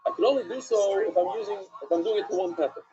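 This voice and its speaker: A man teaching a live-streamed Talmud class, asking and answering his own questions in an animated way. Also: high voice, fast, muffled recording.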